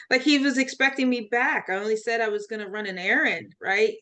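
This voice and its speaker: A woman's voice: medium pitch, moderate pace, few pauses, a bit bright. A woman, a life coach, telling a personal faith story in an interview, laughing often and acting out quoted voices.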